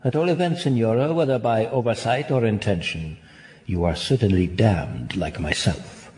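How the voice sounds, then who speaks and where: A man's voice: lowish voice, normal speed, a little mellow, natural voice. An actor playing a weary, sardonic nobleman damned to hell, in a classic stage-play delivery. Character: weary, ironic damned nobleman, male adult.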